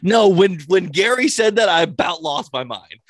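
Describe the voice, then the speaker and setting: Animated, laughing man in casual chat. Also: high-pitched, normal speed, no room sound. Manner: animated storytelling with frequent laughter and swearing.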